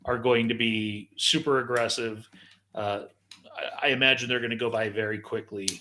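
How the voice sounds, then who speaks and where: A man co-hosting a live talk show, speaking casually in a dry, teasing, measured way. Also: medium pitch, fairly even intonation, bright, forceful tone. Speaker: podcast co-host. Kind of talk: casual chat.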